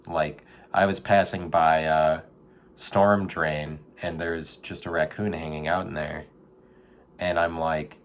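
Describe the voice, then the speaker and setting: A man hosting a podcast, rambling in a deadpan comic monologue and now and then breaking into a loud mock pep talk. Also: very deep voice, slow pace. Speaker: podcast host. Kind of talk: casual comedic monologue.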